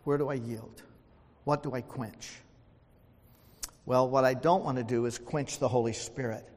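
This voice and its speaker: A man's voice: medium pitch, fairly even intonation, a little slow, darkish tone. Older male preacher, homespun illustrations, asks the room for amens; recorded in a reverberant sanctuary. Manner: folksy storytelling, calls for amens. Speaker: pastor. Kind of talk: sermon. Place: church sanctuary. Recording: long hall reverb.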